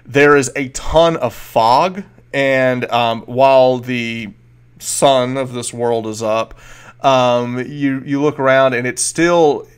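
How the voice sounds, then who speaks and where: A man narrating as game master, casual and halting with many fillers. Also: medium pitch, steady tone, clean tone.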